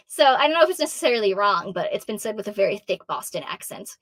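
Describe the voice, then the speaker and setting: A woman in her thirties from Massachusetts, a voice actor answering fan questions in a bubbly, self-deprecating way, with a high-pitched voice that is going hoarse from so much talking. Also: a bit bright, dry recording. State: losing her voice. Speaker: voice actor guest. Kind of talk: casual Q&A answers.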